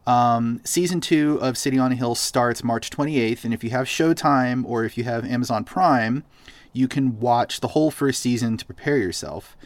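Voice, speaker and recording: A man's voice: mid-range voice, normal speed, no echo. A man from Boston hosting a podcast in casual chat, recommending things enthusiastically with lots of fillers. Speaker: podcast host.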